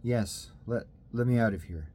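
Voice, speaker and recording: A man voicing a frightened young boy lost in the dark, pleading and shouting for help. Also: fairly low pitch, moderate pace, a little hiss or hum, pitched above the performer's own voice, natural voice. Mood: scared.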